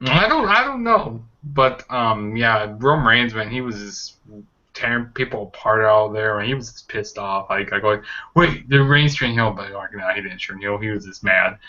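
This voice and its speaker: A man's voice: on the low side, moderate pace, sharp tone. A young man hosting a casual wrestling review chat, rambling with lots of fillers. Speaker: wrestling show reviewer, host. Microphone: online call mic. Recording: muffled lo-fi call audio.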